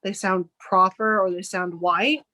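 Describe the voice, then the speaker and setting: A woman's voice: mid-range voice, fairly even intonation, unhurried, pushed and bright. Earnest young woman guest on a podcast. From Arkansas, United States. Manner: earnest, with frequent "like" and "um" fillers. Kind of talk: casual interview conversation.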